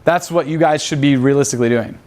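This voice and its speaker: Man, seminar instructor, brash, profane, rhetorical questions, fairly high voice. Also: fast, darkish tone. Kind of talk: profane live seminar talk. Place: seminar room with audience.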